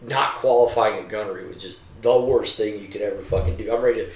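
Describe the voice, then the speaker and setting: A man's voice: fairly low pitch, fast talker, gravelly. A middle-aged man, a retired army veteran, telling profane stories over drinks and acting out the voices of the men he served with. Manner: profane, animated storyteller acting out his comrades' voices. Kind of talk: casual storytelling over drinks. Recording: roomy, mic at a distance.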